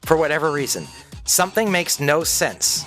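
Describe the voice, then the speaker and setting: A man with a fairly high voice rants through a casual livestream chat, cursing freely and slipping into voices for the people he quotes. Faint music plays under his talk. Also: sing-song, moderate pace, a bit bright. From Canada. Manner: profane, ranting, acts out quoted people. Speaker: streamer. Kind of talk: casual rant while gaming.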